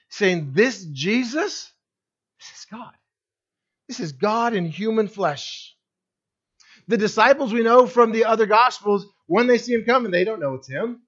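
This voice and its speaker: A man preaching a sermon as pastor, swinging between loud emphatic lines and hushed, soft ones. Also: on the high side, dull audio.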